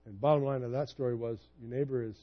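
A pastor in his fifties delivers a sermon in a muffled recording, his medium-pitched voice moving fast. He speaks conversationally, telling personal stories and growing animated as he retells them.

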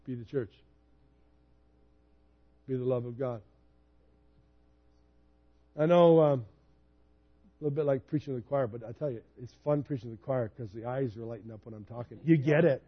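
A man's voice: mid-range voice, moderate pace, long pauses, muffled recording. A man in his fifties preaching a sermon in a personal, conversational storytelling way. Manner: conversational, personal storytelling, animated when retelling. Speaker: pastor.

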